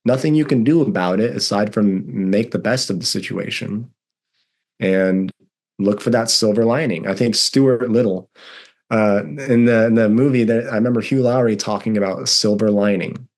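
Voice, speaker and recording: Earnest low-voiced man in his thirties. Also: normal speed, darkish tone. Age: 30s. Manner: earnest and emphatic, reliving strong emotions. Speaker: guest. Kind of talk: candid conversational storytelling.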